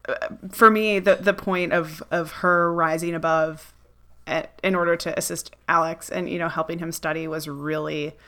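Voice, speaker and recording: A woman's voice: fairly low pitch, pushed and bright. A woman co-hosting a podcast in casual chat, recapping with enthusiasm and laughing as she talks. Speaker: podcast co-host.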